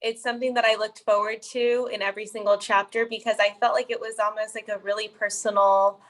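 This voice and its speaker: Soft, reflective woman co-host. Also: mid-range voice, flat delivery, brisk. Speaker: guest co-host. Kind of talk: interview discussion.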